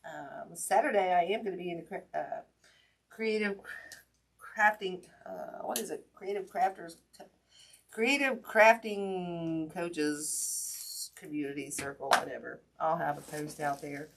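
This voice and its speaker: A woman's voice: on the low side, measured pace, creaky, fairly bright tone. Chatty woman hosting a craft livestream. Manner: chatty and folksy, many ums, greets viewers by name. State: in pain from a hurt hand. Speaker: wreath-making livestream host. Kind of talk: casual livestream chat while crafting.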